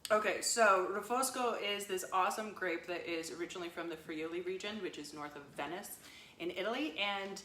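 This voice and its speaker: A woman's voice: on the low side, a little fast, fairly bright tone, slight background noise. A woman co-hosting a casual wine chat, upbeat and playful as she explains things. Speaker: winery co-owner podcast host. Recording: echoey room, mic a bit far.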